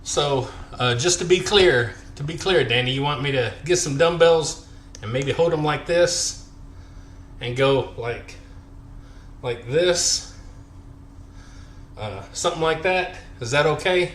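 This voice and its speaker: A man's voice: fairly high pitch, slow pace, long pauses, a bit bright, echoey room, slight background noise. A man chatting on a workout live stream, counting reps aloud, out of breath and joking between sets. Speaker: fitness vlogger.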